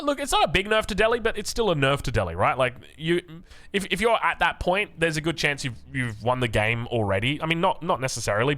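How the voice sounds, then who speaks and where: A man's voice: medium pitch, pushed and bright. An Australian man giving casual, joking commentary on game patch notes, chatty with frequent restarts and asides. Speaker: gaming content creator.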